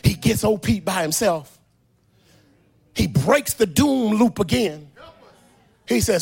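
A man preaching a sermon, retelling the story dramatically, swinging from quiet asides to shouted, sung lines. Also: high-pitched, expressive, slow pace, vocal fry, pauses often, breathy edge.

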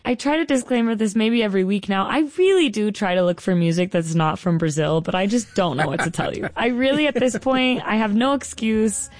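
A woman's voice: mid-range voice, expressive, fairly quick, hardly any pauses, no room sound. A woman co-hosting a music radio show, chatty, teasing and self-deprecating. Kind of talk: casual radio chat.

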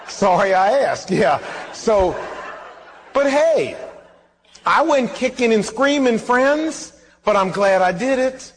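A man preaching a sermon as pastor, with emphatic rhetorical questions and lively acted-out anecdotes. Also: very high voice, slow pace, pauses often, a little hiss or hum. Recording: long hall reverb.

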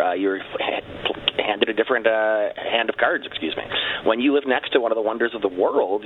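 A man's voice: lowish voice, slight background noise. A man speaking as a guest on a radio show, casual and playfully dramatic. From Canada. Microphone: phone. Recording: tinny phone line.

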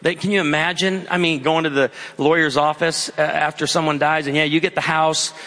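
A pastor delivers a sermon with a bright, forceful, slightly higher voice. He moves between brisk storytelling asides and slow, weighty lines. His voice rings with the long reverb of a large hall. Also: level tone. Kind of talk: sermon with personal stories. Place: large hall before an audience.

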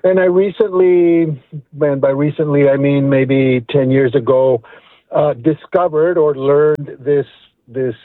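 A man's voice: on the high side, a little slow, dry recording. A middle-aged man calling in to a radio show, earnest and reflective, restarting his words as he thinks. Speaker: caller. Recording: tinny phone line.

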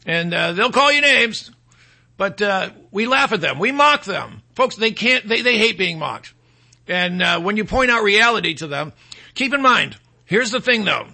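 A man's voice: high-pitched, lively intonation, moderate pace, creaky, pushed and bright. A man hosting a talk show, delivering a combative opinion monologue in a mocking tone and mimicking his opponents in quoted voices. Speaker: radio talk show host.

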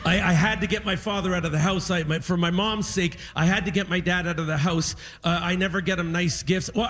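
A man doing stand-up on a live stage, telling animated stories and acting out his father. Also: sits high. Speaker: stand-up comedian. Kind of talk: stand-up comedy set. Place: live comedy stage in a music hall.

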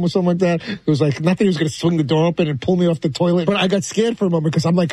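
A man with a New York accent telling a rambling, halting, self-deprecating story. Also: sits high, steady tone, a little mellow, no echo. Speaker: podcast regular telling a story. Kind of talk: rambling anecdote.

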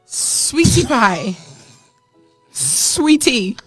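A woman's voice: fairly high pitch, sing-song, very slow, fairly bright tone, husky, dry recording, faint music behind. A woman with a British accent co-hosting a casual Christian chat, teasing and sometimes preachy. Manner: playful, teasing, preachy asides.

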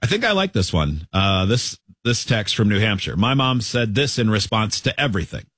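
A male radio host in lively, casual chat, his pitch swinging widely as he reads out listener messages with playful voices. The sound is dry and close. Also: moderate pace, slightly rough, dry recording.

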